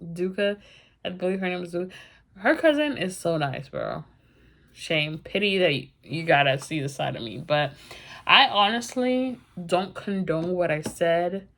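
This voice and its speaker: A woman's voice: on the low side, big pitch swings, measured pace, fairly bright tone. A young woman vlogger telling a personal story, candid and emphatic, in a casual storytime vlog.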